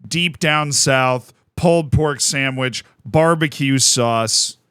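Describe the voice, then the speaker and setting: A man's voice: mid-range voice, slow, a bit bright, smooth, no room sound, studio quality. A young man from the United States chatting casually on a live stream, rambling and self-mocking as he thanks viewers by name.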